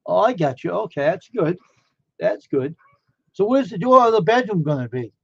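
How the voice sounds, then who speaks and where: A high-pitched man with a creaky, husky voice talks animatedly at a moderate pace during a live stream. He rambles on in amazement, asking question after question. The audio is dry, dull and lo-fi.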